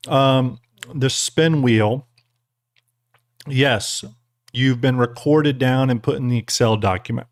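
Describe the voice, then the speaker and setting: A man's voice: mid-range voice, dry recording, studio quality. A man hosting a live stream, chatting casually and a little tipsy, thanking donors and explaining giveaways. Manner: relaxed, rambling, thanks donors while eating jelly beans. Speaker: streamer host.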